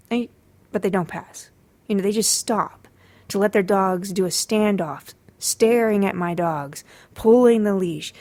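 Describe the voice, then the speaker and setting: A woman's voice: lowish voice, darkish tone. A woman hosting a dog training podcast, talking casually with sarcastic asides and frequent fillers. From Los Angeles area.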